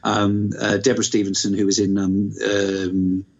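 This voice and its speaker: A man's voice: lowish voice, completely flat delivery, normal speed, darkish tone. A man from the north-east of England, an actor guest in an interview, talking frankly and rambling, with casual swearing. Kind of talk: candid interview chat. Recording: muffled lo-fi live-stream audio.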